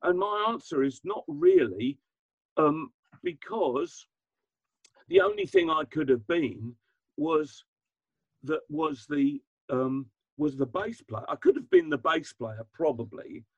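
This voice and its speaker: A man in his seventies, a guest musician, talking reflectively in an interview, self-deprecating and halting with many restarts. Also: on the high side, sing-song, gravelly, slightly rough, dry recording, muffled recording.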